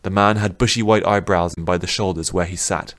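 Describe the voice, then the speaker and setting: A man narrating a fantasy audiobook in a measured, even manner. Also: deep voice, no room sound.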